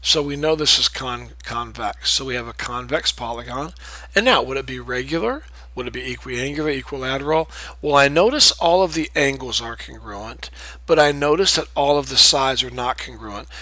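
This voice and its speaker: Male teacher, bright tone, dry close sound, patient, repeats terms. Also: medium pitch, normal speed, dry recording, low-quality recording. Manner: patient, repeats key terms, checks in with "okay?". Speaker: math teacher. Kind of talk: recorded classroom lecture.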